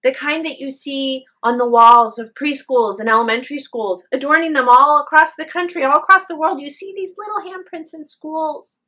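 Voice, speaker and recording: A woman's voice: sits high, normal speed, few pauses, bright, forceful tone. A woman telling a spoken ghost story with drama, acting out the voices of her characters.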